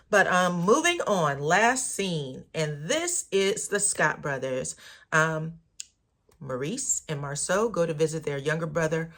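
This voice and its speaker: A woman's voice: deep voice, normal speed, fairly bright tone. A woman casually recapping a reality show episode for her viewers, sassy and chatty, calling them honey and girl.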